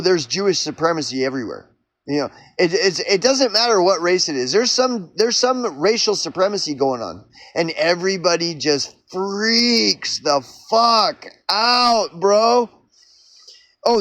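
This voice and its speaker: A man's voice: on the high side, a bit bright, no room sound. A man from Oklahoma on a profane, rambling solo rant, acting out mock back-and-forth arguments. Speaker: vlogger.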